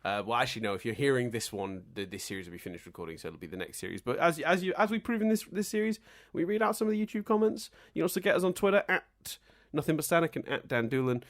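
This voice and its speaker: A man's voice: mid-range voice, very animated, quick pace, few pauses. A man hosting a casual podcast. He talks in a chatty, teasing way, and his voice rises and falls a lot as he goes. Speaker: podcast host.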